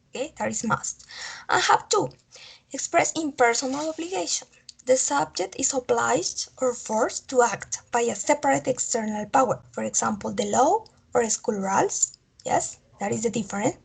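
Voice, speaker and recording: In this online grammar lesson, an English teacher whose native language is Spanish speaks in a high, husky voice. She says every example twice and keeps asking "okay?" to make sure students follow.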